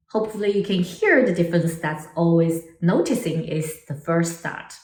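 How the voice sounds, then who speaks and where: Lively woman teaching Mandarin tones. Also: fairly low pitch, reverberant, distant mic. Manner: animated, exaggerated tone demonstrations. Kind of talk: online language lesson.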